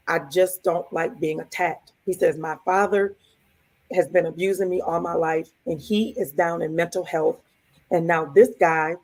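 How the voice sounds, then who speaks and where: This woman, a podcast co-host, has a fairly low, somewhat dark voice. She casually shares a personal story, quoting the lines people said along the way.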